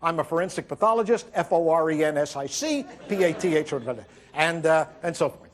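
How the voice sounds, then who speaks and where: A man delivering a wry stand-up monologue as host, telling stories and acting out quotes with halting fillers. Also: fairly high pitch, animated. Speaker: comedian host. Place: TV studio with audience.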